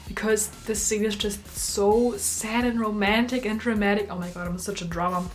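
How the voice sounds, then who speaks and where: A young woman casually reviews and ranks movies in a vlog, gushing and animated, with lots of "like" fillers. Her mid-range voice moves at a normal speed over soft background music.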